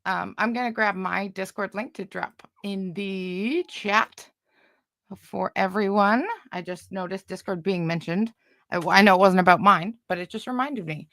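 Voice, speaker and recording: A woman's voice: medium pitch, measured pace, fairly bright tone, no echo. A woman hosting a casual commentary stream, talking in a sarcastic, rambling way with lots of fillers. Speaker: commentary channel host.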